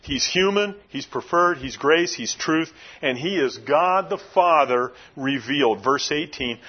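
A male pastor delivering a sermon with emphatic, rising and falling preaching. His voice sits a little high and sounds husky. The recording is dull and lo-fi. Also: animated, measured pace. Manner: emphatic preaching, swings between raised and hushed delivery.

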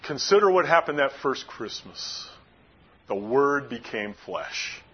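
A man's voice: mid-range voice, very animated, a little slow, breathy edge. Emphatic preacher man, lo-fi recording. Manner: emphatic preaching, swings between raised and hushed delivery. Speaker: pastor. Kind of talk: sermon.

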